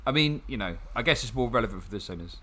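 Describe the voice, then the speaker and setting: A man's voice: lowish voice, lively intonation, fast, a bit bright. A young man chatting casually and sarcastically while playing a game, swearing often and rambling with restarts. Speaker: gaming channel host.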